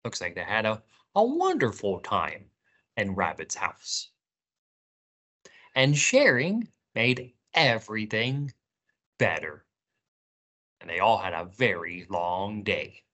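A woman reading picture books aloud and singing to young children at library story time, inviting them to join in. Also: very deep voice. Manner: slow, animated storytelling, inviting kids to join in.

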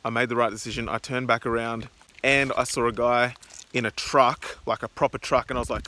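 A man's voice: mid-range voice, fairly quick. Rambling young man vlogging. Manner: rambling, excitable, filler-heavy. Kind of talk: casual vlog narration. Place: in a car and outdoors.

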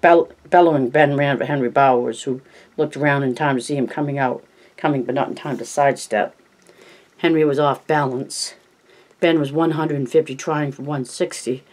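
A man narrating a novel in an even, measured storytelling voice. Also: mid-range voice, low-quality recording. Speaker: audiobook narrator.

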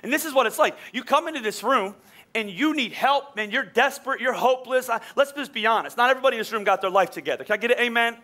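A pastor preaching a sermon, swinging between loud, fervent preaching and quiet, joking asides, often repeating words as he goes. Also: very high voice, quick pace. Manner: repeats words, stumbles and restarts.

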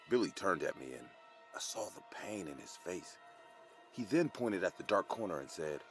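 A man telling a first-person horror story as scripted, expressive narration. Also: low-pitched, moderate pace, faint music behind.

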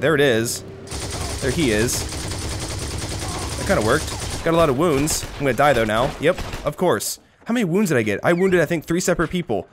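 A man's voice: lively intonation, normal speed, pauses often, noisy background. Sarcastic man commentating his gameplay. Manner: sarcastic, swears, bursts into high-pitched panic. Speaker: gaming commentator.

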